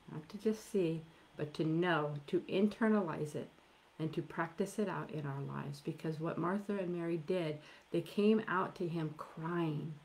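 A middle-aged woman preaching a sermon, emphatic, drawing out key words and dropping to soft near-whispers at times. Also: on the low side. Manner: emphatic, with slow drawn-out stresses and soft near-whispered asides.

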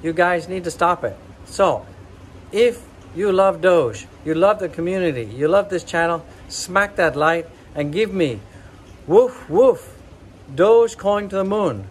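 Male channel host, slightly high voice, hyped pep-talk delivery, repetitive and rallying, with shouted chants. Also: expressive, unhurried, a little hiss or hum, low-quality recording. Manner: bursts of loud high shouts.

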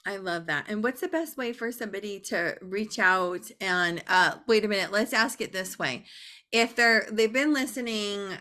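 A woman's voice: mid-range voice, normal speed, pushed and bright. A woman hosting an interview, giving short, affirming responses and prompting questions. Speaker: host.

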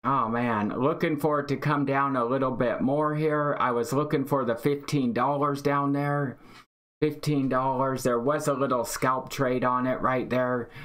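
A man hosting a live day-trading stream, excitedly reading out chat and calling trades. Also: mid-range voice, measured pace. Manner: excited, hyped, reads chat aloud. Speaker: day-trading livestream host.

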